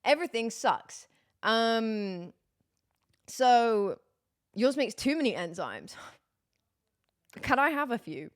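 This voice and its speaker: A woman's voice: fairly high pitch, big pitch swings, drawn-out words, long pauses. A young woman, chatting candidly with her stream viewers, wry and laughing through her complaints. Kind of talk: casual chat to stream viewers.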